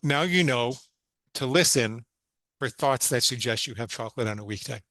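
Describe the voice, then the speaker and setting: A man's voice: medium pitch, moderate pace, bright, forceful tone, no echo, rough recording. Earnest instructive man, dry sound. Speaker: psychologist guest. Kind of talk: podcast interview, explaining techniques.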